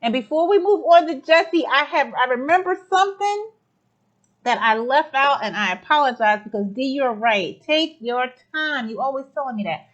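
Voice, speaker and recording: A woman's voice: high voice, highs cut off. A woman from the United States hosting a spiritual talk show, effusive and exclaiming as she affirms her guests. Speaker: podcast host.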